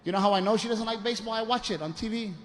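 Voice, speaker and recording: A man's voice: high voice, racing, fairly bright tone. A man doing a stand-up routine, telling exasperated stories about his wife and family. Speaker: stand-up comedian. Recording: noisy live club recording.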